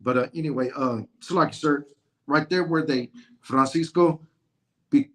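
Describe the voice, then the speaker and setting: A man's voice: fairly high pitch, normal speed, fairly bright tone. A man in a casual talk show who speaks fervently, repeating lines for emphasis like a preacher. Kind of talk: preaching-style casual chat.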